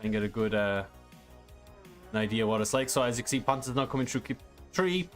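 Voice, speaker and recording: Faint music sits behind a medium-pitched man speaking quickly as he streams a racing sim. He responds to chat questions and explains a track, casual and rambling, dropping in lots of fillers.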